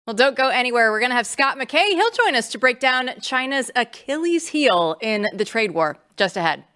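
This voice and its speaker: A woman hosting a news talk show, bantering with a guest and reading an ad in a brisk, upbeat way. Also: on the high side, very animated, pushed and bright. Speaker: host.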